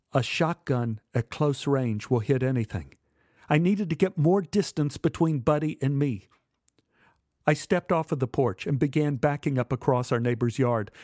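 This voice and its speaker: A man telling a first-person memoir story in a measured, dramatic way. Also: fairly high pitch, darkish tone, no echo, studio quality. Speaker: narrator.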